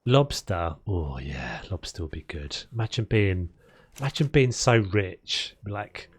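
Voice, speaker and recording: A man's voice: deep voice, animated, measured pace, breathy edge. A man streaming a video game, chatting casually and rambling between topics as he builds. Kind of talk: casual chat while playing.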